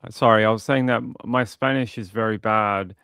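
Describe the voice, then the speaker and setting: A man casually commenting on a crime video, with animated, mocking retellings of what people said. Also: lowish voice, a little fast, clean tone, no room sound.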